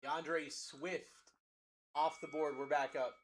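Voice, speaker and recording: A man hosting a live card-break stream. He talks to chat in fast, hyped sales patter and calls out players as spots sell. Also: a little high, flat delivery, slight background noise. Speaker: card break livestream host.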